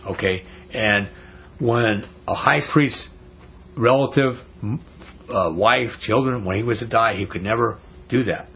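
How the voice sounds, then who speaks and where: A man's voice: mid-range voice, a little slow, vocal fry. A man leading an informal Bible study for a small group, talking in a rambling, conversational way with lots of "you know" and "okay?". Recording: dull lo-fi recording with faint noise.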